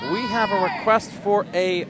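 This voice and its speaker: A man's voice: high voice, fairly even intonation, normal speed. A man calling play-by-play on a livestream with a dry wit, steering talk back to the game. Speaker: curling play-by-play commentator. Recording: noisy background.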